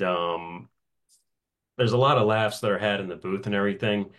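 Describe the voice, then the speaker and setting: A man who works as a voice actor, telling stories in a casual interview and laughing often between phrases. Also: deep voice. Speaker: voice actor guest.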